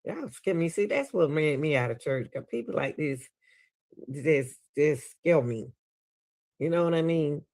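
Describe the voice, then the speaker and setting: A man's voice: fairly high pitch, lively intonation, measured pace, vocal fry, a little mellow. A man with a Southern US accent, hosting a reaction video and talking casually to his viewers, laughing and exclaiming in disbelief.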